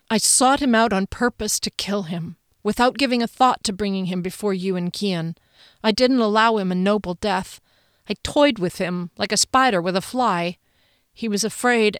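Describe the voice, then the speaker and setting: A woman's voice: mid-range voice, smooth, dry recording, studio quality, natural voice. A woman voicing a defensive, sarcastic young warrior woman in an audiobook reading, with guarded, biting delivery.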